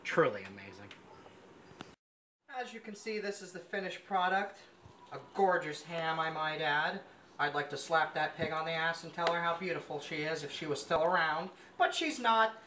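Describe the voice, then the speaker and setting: A man's voice: fairly high pitch, expressive, moderate pace, sharp tone. A man hosting a mock cooking show, gushing pompously over every dish as he works in a home kitchen. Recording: noisy kitchen sound.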